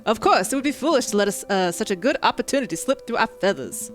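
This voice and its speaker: A woman's voice: on the high side, lively intonation, fast talker, faint music behind, natural voice. A woman doing a pompous French bird lawyer. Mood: grandiose. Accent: put-on French.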